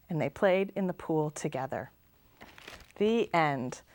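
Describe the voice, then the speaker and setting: Brief: children's librarian at storytime, lively melody, close dry mic. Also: female voice, deep voice, takes it slowly, dry recording. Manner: expressive, sing-song. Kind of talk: storytime read-aloud.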